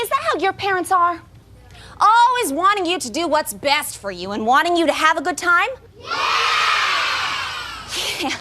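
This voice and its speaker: A woman's voice: very high-pitched, pushed and bright, a little hiss or hum, exaggerated voice. A woman performing live children's theatre, playing a spoiled, dramatic young princess in an exaggerated sing-song storytelling voice and chatting with the kids.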